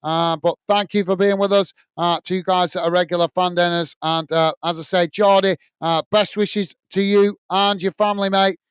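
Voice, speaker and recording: A high-pitched English man with a smooth, clear voice signs off his football stream, thanking viewers one by one. He talks in a loose, chatty way, full of "uh" and "mate". The sound is dry and close. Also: fairly even intonation, normal speed, hardly any pauses, no room sound. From England. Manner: chatty, repeats "mate", many "uh" fillers. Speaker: host of a football watch-along stream. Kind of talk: casual live-stream sign-off, reading viewer comments.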